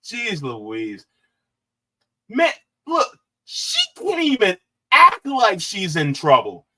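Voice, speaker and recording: A man's voice: very high voice, huge pitch swings, slow pace, bright, forceful tone, husky. A man giving mocking, sarcastic reaction commentary, leaning hard on key words.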